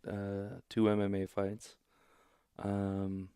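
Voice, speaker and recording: A young man from St. Louis, a comedian guest telling stories in a relaxed, rambling way with lots of fillers. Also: fairly low pitch, very slow, clean tone, no room sound, studio quality. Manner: laid-back, rambling storyteller, many fillers. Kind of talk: casual podcast chat.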